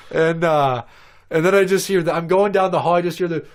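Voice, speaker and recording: A man's voice: fairly high pitch, a little fast. A man from Minnesota hosting a podcast, telling stories in a crude, profane, casual way and laughing at his own jokes. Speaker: podcast host. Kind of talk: casual storytelling chat.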